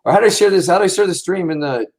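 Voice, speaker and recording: A man hosting a casual livestream, talking in a rambling, excitable way full of swearing. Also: sits high, very fast. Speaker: livestream host.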